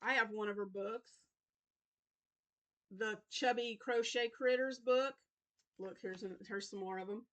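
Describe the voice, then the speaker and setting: A woman's voice: fairly high pitch, fairly even intonation, measured pace, pauses often. A woman hosting a crochet channel, chatting casually through her weekly plans with lots of fillers, apologizing as she yawns. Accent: Southern US. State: yawning, tired. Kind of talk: casual weekly update vlog.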